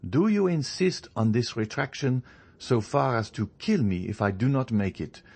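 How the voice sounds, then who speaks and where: Guy reading calm sarcastic young journalist, measured and cool, storybook style. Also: mid-range voice, vocal fry, voice pushed up. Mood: deliberate. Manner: composed, measured, faintly mocking. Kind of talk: audiobook character reading.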